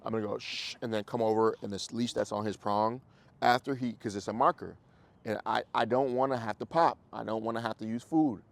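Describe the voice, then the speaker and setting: A male dog trainer explains methods to his class in a loose, animated way, acting out what dogs and owners say. His voice sits low and has a gravelly edge, and he swears casually. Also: brisk. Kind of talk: casual coaching in a group class.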